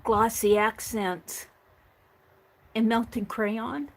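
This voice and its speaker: A woman's voice: fairly high pitch, measured pace, a bit bright. A woman hosting a livestream, chatting casually while crafting, talking to herself and laughing easily. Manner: chatty, talks to herself and reads viewer comments aloud; frequent restarts and fillers, laughs easily.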